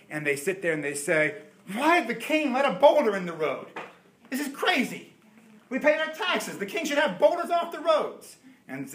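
A man in his forties preaching a sermon, telling stories with animated voices and quick asides. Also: fairly high pitch, a little hiss or hum. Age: 40s. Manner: animated storytelling, acting out voices. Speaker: pastor.

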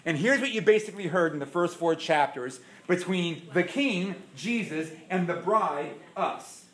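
A man's voice: high voice, expressive, measured pace, fairly bright tone. A man preaching a sermon as pastor, emphatic, repeating his points and asking the congregation questions, in an echoey church. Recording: echoey room.

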